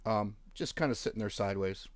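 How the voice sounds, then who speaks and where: Speaking a little fast in a fairly low voice, this forex trading host gives a casual screen-share walkthrough of charts and accounts. He's offhand and joking as he clicks through, and the recording has no room sound.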